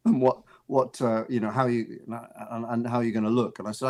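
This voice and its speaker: An actor and author guesting on an interview, this man has a middle-pitched, slightly mellow voice with little pitch movement, talking a little fast with few pauses. He tells casual anecdotes in a rambling way, restarting sentences and repeating words, and laughs with amusement as he goes, all recorded on a radio studio mic.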